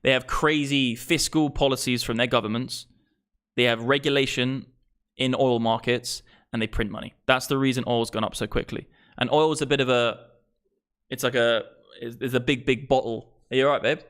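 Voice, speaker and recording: A man of about thirty, ranting on a live stream. His voice sits at an ordinary middle pitch, and he talks in a blunt, exasperated way, swearing freely and mocking the ideas he argues against. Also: fairly even intonation, moderate pace, fairly bright tone. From England. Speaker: crypto streamer.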